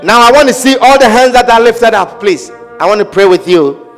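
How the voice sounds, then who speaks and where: A man's voice: very high-pitched, lively intonation, brisk, faint music behind. A male preacher giving an altar call, fervent and repetitive, bursting into tongues and leading the congregation in a prayer they repeat after him. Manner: leads call-and-response prayer.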